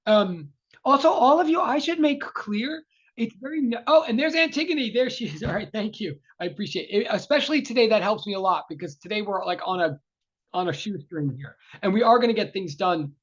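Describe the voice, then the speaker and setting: A man's voice: sits high, lively intonation, brisk, a bit bright, husky. Flustered male lecturer on a dull video call. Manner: apologetic, flustered, chatty, many fillers and restarts. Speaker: university lecturer. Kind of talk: casual online class opening. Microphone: tablet microphone on a video call.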